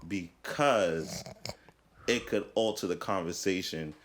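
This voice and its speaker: A man co-hosting a podcast in casual chat, arguing his point with quick interjections. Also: sits low, a little hiss or hum. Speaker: podcast co-host.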